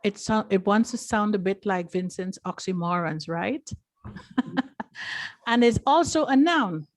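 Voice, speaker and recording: A woman's voice: medium pitch, animated, takes it slowly, dry recording. Woman explaining a word, dry sound. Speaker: grammarian at a club meeting.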